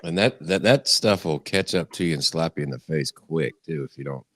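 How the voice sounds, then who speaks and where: A man's voice: a bass voice, moderate pace, fairly bright tone, no room sound. A man chatting casually on a live stream, laughing along and adding short remarks.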